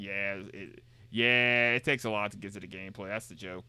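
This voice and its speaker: A man's voice: medium pitch, quick pace, pushed and bright, clean tone, no room sound. A man streaming a game, chatting casually, reading dialogue aloud and joking in a rambling, repetitive way. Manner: rambling and jokey, reads game dialogue aloud and repeats himself.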